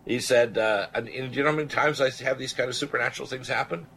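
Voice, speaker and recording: A man in his sixties, a physician and radio host, telling a personal story in an animated, rambling way, often clearing his throat. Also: medium pitch, fast, a little hiss or hum, poor audio. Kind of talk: storytelling on a talk radio show.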